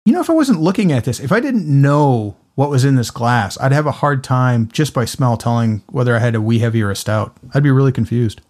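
Relaxed man musing over a beer. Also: medium pitch, brisk, hardly any pauses. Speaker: beer reviewer. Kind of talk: casual tasting chat.

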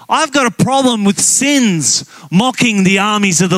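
A man preaching a sermon as guest pastor, telling the story with animated emphasis and frequent laughs. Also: high voice, slow pace, no echo.

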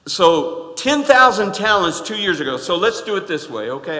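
A man preaching a sermon in a folksy, emphatic way, dropping to quiet asides and then rising to loud stresses. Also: a little high, lively intonation, moderate pace, few pauses. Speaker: pastor. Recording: echoey hall with long reverb.

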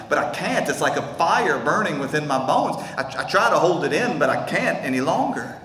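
A man's voice: a little high, sing-song, brisk, few pauses, a bit bright. A male pastor preaching an earnest, intense sermon in a church, often stammering and repeating words as he builds. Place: church sanctuary. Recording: echoey hall with faint ambience.

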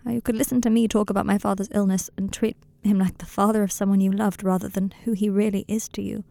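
A tearful, anxious young man pours out a shaky, pleading confession, read by a woman. The voice sits low and gravelly with a dark tone, close and dry like a home audiobook. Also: flat delivery, fast talker, no room sound, lightly acted. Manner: pleading, emotional, breaking. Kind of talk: audiobook reading of fan fiction.

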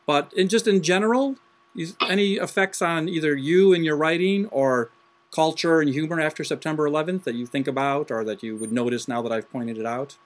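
A man hosting a podcast interview, asking long, rambling questions in a relaxed, chatty way and laughing along. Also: fairly high pitch, a little fast. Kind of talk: casual interview chat.

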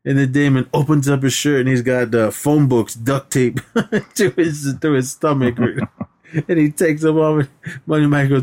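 A man sharing hosting duties on a movie podcast recaps scenes casually, laughs often and performs characters' lines with a raised voice. He speaks a little slowly in a mid-range voice.

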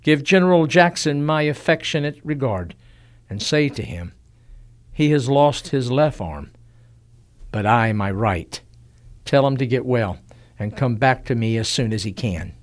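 A man voicing an older army commander sending an affectionate, measured message. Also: mid-range voice, lively intonation, natural voice.

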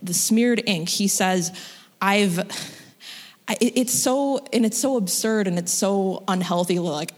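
A woman's voice: mid-range voice, a little slow. A woman telling a personal story in a casual, chatty way, full of "like" and "you know" fillers. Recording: long hall reverb.

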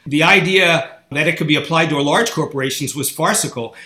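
A man giving an interview, making a forceful, opinionated argument. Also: fairly high pitch, echoey room. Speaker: interview guest. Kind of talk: podcast interview.

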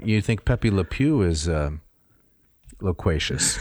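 Low-voiced man in dry discussion. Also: lively intonation, a little mellow, no room sound. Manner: dry wry humor, measured explaining. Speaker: co-host. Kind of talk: conversational literature discussion.

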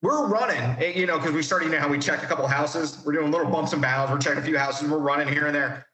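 A man casually telling war stories in a profane, animated way, acting out what people said. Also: a little high, quick pace, reverberant, rough recording. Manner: profane, animated, acts out quotes loudly. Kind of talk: casual storytelling.

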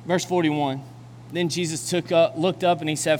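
A young adult man preaching a sermon as pastor, building to loud, urgent exhortation and then closing in a quiet, reflective way. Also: a little high, fairly even intonation, normal speed. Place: church auditorium. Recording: long hall reverb with faint noise.

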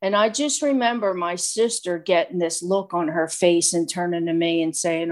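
A woman casually telling a personal recovery story in an animated, chatty way, full of fillers. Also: fairly low pitch, normal speed. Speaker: speaker sharing a recovery story.

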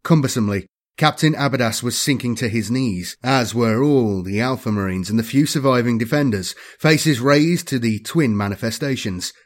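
A male narrator reads a dark science-fiction story in a measured, dramatic way. His voice sits at an ordinary middle pitch and holds a steady reading pace. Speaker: audiobook narrator. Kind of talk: scripted narration.

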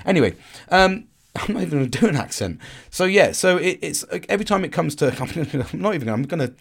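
A man with a Cockney accent hosting a podcast, talking through a personal story in a rambling, profane way with frequent restarts. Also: medium pitch. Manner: rambling, swears freely, restarts often. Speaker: podcast host. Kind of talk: casual personal monologue.

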